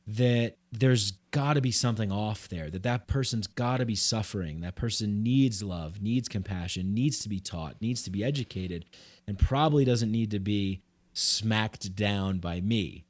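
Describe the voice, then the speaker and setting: A man's voice: lowish voice, a little slow, a little mellow, dry recording. A man hosting a podcast, talking in a loose, rambling way full of "like" and "you know". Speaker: podcast host. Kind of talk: casual conversation.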